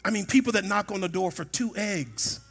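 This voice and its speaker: A middle-aged man preaching a sermon in a church, telling a personal story and rising to shouts at its peaks. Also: high-pitched, normal speed, creaky, breathy edge, soft background music. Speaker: pastor. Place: church sanctuary.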